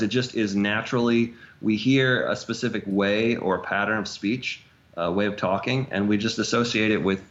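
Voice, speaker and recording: A man co-hosting a podcast, talking casually with halting restarts and fillers. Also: lowish voice, a bit bright. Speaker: podcast co-host. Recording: dull lo-fi sound.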